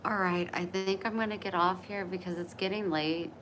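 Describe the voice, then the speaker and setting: A woman with a low voice chats to her viewers from her bed late at night. She is encouraging and laughs easily. Steady hiss and background noise run under the phone audio. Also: moderate pace, rough recording. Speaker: livestreamer reading viewer comments. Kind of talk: casual livestream chat.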